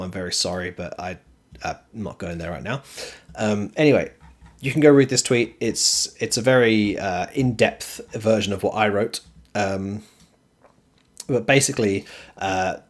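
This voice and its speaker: Low-voiced man explaining esports rankings. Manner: explanatory, steady, frequent ums. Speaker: streamer host. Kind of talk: casual esports commentary.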